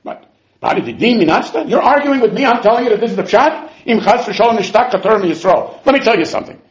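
A man's voice: high voice, lively intonation, fairly quick, darkish tone, voice pushed up. A man voicing an indignant, boastful old male sage who scolds and sounds incredulous. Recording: muffled lo-fi recording.

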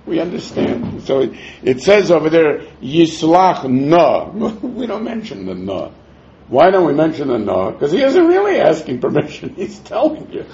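A man teaching a Talmud class, explaining verses in a lively way with frequent chuckles, on a dull lo-fi recording. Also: on the high side, normal speed.

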